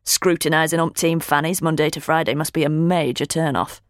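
A woman voicing Jeanie, a blunt and nosy woman best friend around forty, in a high, mocking voice. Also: fairly quick, no room sound, clean studio sound, lightly acted. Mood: teasing. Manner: high, lively, mocking delivery.

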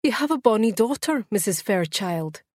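A woman's voice: mid-range voice, lively intonation, moderate pace, no echo, voice pushed up, lightly acted. Casting: woman voicing a fussy, kindly lighthouse keeper's wife, dry close storybook read. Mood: coaxing.

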